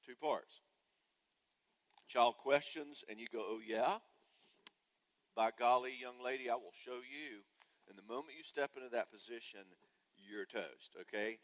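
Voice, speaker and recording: A man's voice: medium pitch, poor audio. A man from the United States giving a humorous parenting talk at a church conference, joking and acting out kids and parents. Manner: joking, animated, does voices of kids and parents. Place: church hall.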